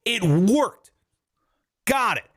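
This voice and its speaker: On a comedy finance podcast, a male co-host explains things with jokes and casual swearing, animated throughout. His voice is high-pitched and extremely slow, recorded with no echo.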